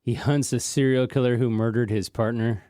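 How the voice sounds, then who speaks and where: A man's voice: mid-range voice, steady tone, normal speed, mellow, no room sound, clean studio sound. A man co-hosting a podcast in casual chat, asking prompting questions and searching aloud for names. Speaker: podcast co-host.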